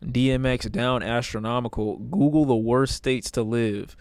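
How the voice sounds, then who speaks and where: Male streamer, mid pitch, blunt and profane reaction talk, dry close mic. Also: moderate pace, a little mellow, clean tone, no echo. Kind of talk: casual stream commentary.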